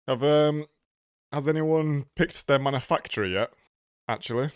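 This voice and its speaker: A man's voice: fairly high pitch, normal speed, smooth, no echo, clean studio sound. A man hosting a casual live stream, nasal and congested from a cold, greeting viewers by name.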